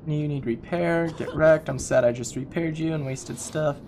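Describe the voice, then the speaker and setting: A chatty, jokey man narrates a survival game as he plays, thinking aloud and joking with his viewers. His voice sits a little high for a man. Clear noise hums steadily under the recording. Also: fairly even intonation, moderate pace, a little mellow. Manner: chatty, jokey, talks to himself while playing. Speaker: gaming YouTuber. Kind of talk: casual let's-play commentary.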